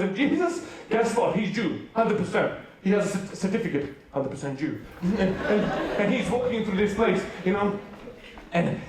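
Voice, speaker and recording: A man from Serbia with a Serbian accent, preaching a playful, joking sermon to a youth rally. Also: high-pitched. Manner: playful storytelling with jokes and quick asides. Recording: very echoey hall, mic far off.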